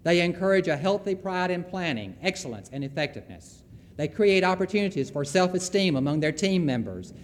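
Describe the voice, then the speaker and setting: A man's voice: sits high, expressive, a little fast, in a large hall. A Southern man giving a folksy, emphatic lecture on Christian leadership, with storytelling asides.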